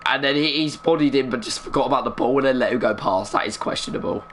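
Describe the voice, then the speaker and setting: A young man talks through a football video game match as he plays, keeping his voice low on purpose. His voice sits at an ordinary middle pitch, and he chats and mutters along between sudden bursts of excitement. A faint hum runs under the recording. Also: fast talker. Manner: chatty, muttering, bursts of excitement at big moments. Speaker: gaming streamer. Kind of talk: live gameplay commentary.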